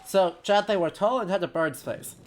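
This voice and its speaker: A man's voice: sits high, moderate pace. A man streaming a game as a historian, thinking aloud in chatty, self-deprecating commentary. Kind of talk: casual let's-play commentary.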